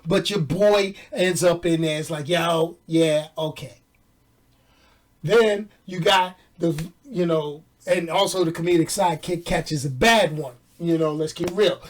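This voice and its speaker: Man from New York, animated casual reviewer, joking, set back from the mic. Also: a little high, normal speed, few pauses, distant mic. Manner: animated, jokey, slangy, laughs often. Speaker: movie reviewer. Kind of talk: casual movie review chat.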